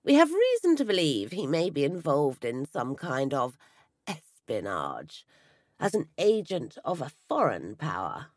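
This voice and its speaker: A woman doing a gruff, burly detective sergeant. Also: low voice, wildly swooping pitch, a little slow, no room sound, studio quality, pitched below the performer's own voice, heavily acted. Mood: grave. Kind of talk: storybook reading.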